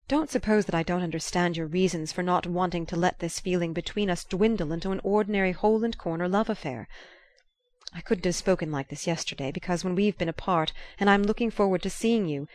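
A woman's voice: lowish voice, darkish tone, dry recording, natural voice. A woman reading the lines of an earnest, passionate young man in an audiobook, in an urgent, pleading way.

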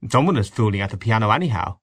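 A man doing a wry, storytelling gentleman. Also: fairly low pitch, expressive, rapid-fire, dry recording. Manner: wry, mock-grand storyteller.

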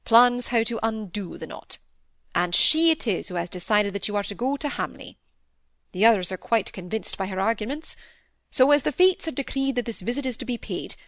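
A woman reading the part of a middle-aged male country doctor, a gruff but fond father who speaks gravely and with a little impatience. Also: a little high, dry recording, clean studio sound. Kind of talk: audiobook dialogue reading.

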